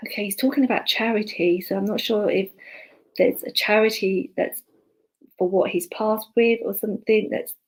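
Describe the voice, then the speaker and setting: A woman working as a spiritualist medium, passing on spirit messages in a live online service. She speaks haltingly, with many fillers and restarts, and murmurs softly to herself between messages. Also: mid-range voice, fairly even intonation, rough recording. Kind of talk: live online clairvoyance demonstration.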